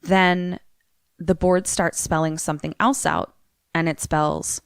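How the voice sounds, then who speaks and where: A woman's voice: fairly low pitch, fairly even intonation, takes it slowly, clear, resonant tone, no room sound, studio quality. A woman co-hosting a podcast, casually retelling a movie plot in a chatty way, with lots of "like.". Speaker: podcast co-host.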